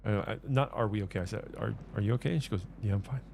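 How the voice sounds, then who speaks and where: Low gravelly man rambling on stream. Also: fast talker, darkish tone, a little hiss or hum. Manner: rambling, repeats words and restarts, earnest. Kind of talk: casual livestream chat.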